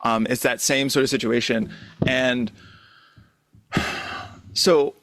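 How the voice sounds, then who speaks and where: A man's voice: mid-range voice, fairly even intonation, takes it slowly, fairly bright tone. A man co-hosting a casual podcast chat, thinking aloud in a hesitant, musing way. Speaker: podcast co-host.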